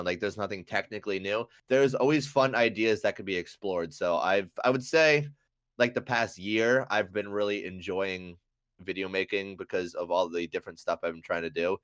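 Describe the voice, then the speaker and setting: A man's voice: lowish voice, normal speed, a bit bright, clear, resonant tone, no echo, clean studio sound. A young man with a congested voice, a podcast guest who rambles and mocks himself. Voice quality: congested, nasal-sounding voice. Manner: rambling, self-mocking, many restarts. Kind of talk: casual podcast chat.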